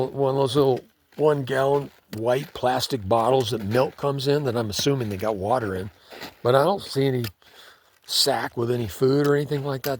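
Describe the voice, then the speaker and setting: A man's voice: mid-range voice, slight background noise. A man telling a story in a laid-back, conversational way, often saying "man". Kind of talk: casual spoken storytelling.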